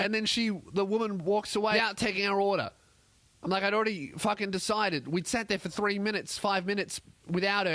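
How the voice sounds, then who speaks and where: A man's voice: sits high, a bit bright, no echo. A man telling a comic story in a sweary, exasperated rant, acting out other people's lines. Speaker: comedian host. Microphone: podcast microphone.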